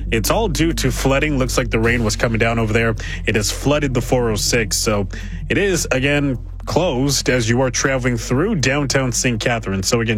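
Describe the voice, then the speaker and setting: A man's voice: mid-range voice, fairly bright tone. A man giving a conversational live traffic report on the radio, often repeating himself.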